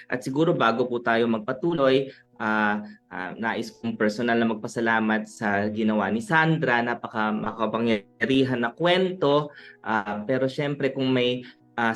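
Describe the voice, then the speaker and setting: A man's voice: mid-range voice, a bit bright. A man, moderating a book discussion in a polite, formal way with hesitant fillers.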